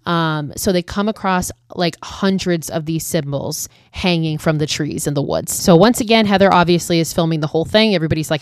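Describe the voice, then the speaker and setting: Woman, low voice, chatty film recap, lots of "like", dry close sound. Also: clean tone, dry recording. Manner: animated, quick bursts, lots of "like". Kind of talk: casual retelling with swearing.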